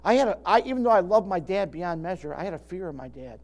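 Gray-haired male preacher, homespun and rambling, voice a touch high. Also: animated, fast, a little mellow. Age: older. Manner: folksy, rambling, with many restarts. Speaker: pastor. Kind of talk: sermon.

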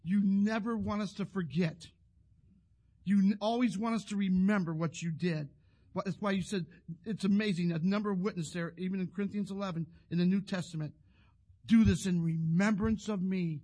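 A man's voice: high-pitched, steady tone, brisk, a little mellow. A male pastor preaching a sermon, telling a story and leading a prayer, with frequent restarts and repeated words.

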